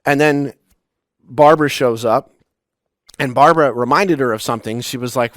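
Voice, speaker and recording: A man in his forties, a spiritual teacher, giving a reflective talk with personal stories, halting and restarting as he goes. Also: medium pitch, fairly bright tone, no echo, clean studio sound. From United States. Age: 40s. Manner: personal, storytelling with pauses and restarts.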